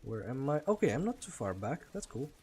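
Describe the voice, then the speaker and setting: A man's voice: medium pitch, big pitch swings, fairly quick, dark tone, husky. Chatty Greek man streaming. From Greece. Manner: chatty, laughs often, answers chat. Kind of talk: casual live-stream chat while gaming.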